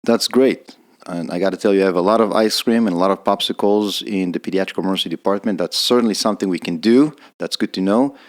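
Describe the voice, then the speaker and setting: A man's voice: deep voice, fast. A man, an emergency physician hosting a podcast, asking questions and affirming his guest's answers. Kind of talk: interview questions.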